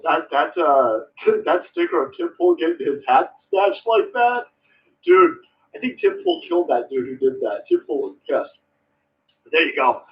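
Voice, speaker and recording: A man's voice: a little high, recorded from a distance, highs cut off, a little hiss or hum. Profane, sarcastic ranting male streamer. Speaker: live streamer. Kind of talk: ranting political commentary stream.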